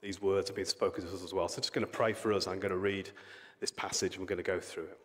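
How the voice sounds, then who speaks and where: A man's voice: low voice, level tone, fast talker. A man giving a sermon, retelling a Bible story in a plain conversational way, then praying and reading scripture aloud. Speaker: preacher. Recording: long reverb of a hall.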